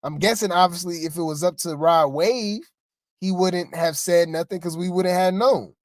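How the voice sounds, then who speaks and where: At normal speed, a co-host loosely rambles through celebrity gossip, exasperated and chatty, repeatedly turning to the listeners. The mid-range voice is close-miked and dry, with no room sound.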